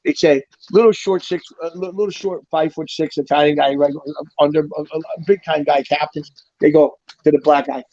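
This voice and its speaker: A middle-aged man tells his stories at a rapid clip, swearing freely and punching up quoted lines. His voice sits a bit high. The recording is dry and dull, like a lo-fi podcast. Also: fairly even intonation, no room sound. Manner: rambling storyteller, swears freely, acts out quotes loudly. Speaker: guest telling prison stories. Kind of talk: casual chat.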